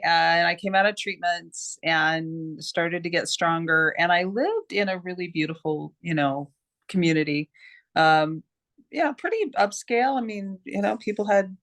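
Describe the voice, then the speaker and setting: A middle-aged woman, an interview guest, telling a personal story in an animated way with many restarts. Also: mid-range voice. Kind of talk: casual storytelling.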